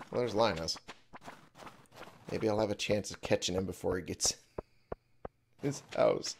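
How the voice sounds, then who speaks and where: A man's voice: lowish voice, a little slow, creaky, pauses often, a little hiss or hum. A man giving casual gameplay commentary, muttering and swearing to himself in frustration. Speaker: let's play gamer. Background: game music.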